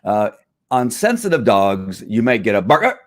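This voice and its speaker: Dog trainer guy talking low and loose, emphatic, dry close sound. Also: very animated, a little slow, dry recording. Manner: emphatic, imitates barking dogs, loose and chatty. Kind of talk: casual podcast explanation.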